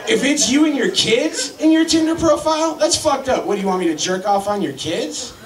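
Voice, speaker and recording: A man in his thirties hosting and doing crude, deadpan stand-up comedy to a crowd. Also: very high-pitched, fairly quick, distant mic, slight background noise. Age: 30s. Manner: crude, deadpan joke delivery. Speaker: comedy host. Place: crowded club, roomy. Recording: echoey room, mic from afar, loud crowd.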